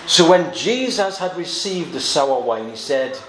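An earnest male preacher delivering a Bible sermon, reading scripture quietly and then pressing his points with sudden emphasis. His voice sits a little higher than most men's. The room is echoey, with a faint hum of ambience behind him. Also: lively intonation, unhurried.

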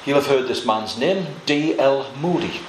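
A man preaching a sermon, telling a story with asides and little laughs, and slowing down to stress key words. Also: mid-range voice, animated, reverberant, noisy background.

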